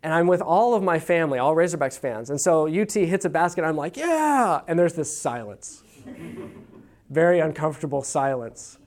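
A man's voice: fairly high pitch, normal speed, darkish tone. Earnest man from Texas teaching a church class. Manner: earnest, folksy storyteller with frequent restarts. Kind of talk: conversational teaching talk with stories.

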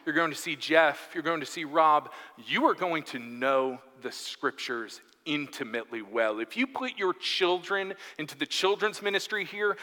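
A man's voice: a little high, normal speed, hardly any pauses. Man preaching in a reverberant hall. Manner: earnest preaching, drops to soft rhetorical questions. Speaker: pastor. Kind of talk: sermon. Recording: long reverb of a large hall.

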